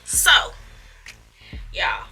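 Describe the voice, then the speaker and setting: Very bright-voiced young woman telling a story. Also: drawn-out words, low-quality recording. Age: young adult. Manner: dramatic retelling with slang and sound effects. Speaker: vlogger. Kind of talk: storytime vlog. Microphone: phone camera.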